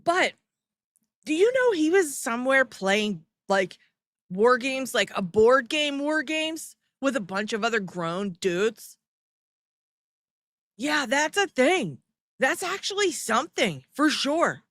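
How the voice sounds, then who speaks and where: A woman's voice: high voice, sing-song, slow, fairly bright tone, no room sound, studio quality. A woman hosting a live stream who comments sarcastically and mockingly and laughs often while reading the chat. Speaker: livestream host.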